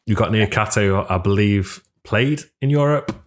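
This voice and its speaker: Brief: low-pitched man, podcast co-host, relaxed enthusiastic fan chat. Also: normal speed. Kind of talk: casual football podcast chat.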